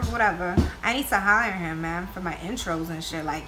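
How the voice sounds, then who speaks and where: A woman vlogging casually from home, loud and playful, swearing freely. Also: on the low side, normal speed, few pauses, background noise. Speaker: YouTube vlogger, mother of two. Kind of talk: casual vlog chat. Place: home with kids nearby.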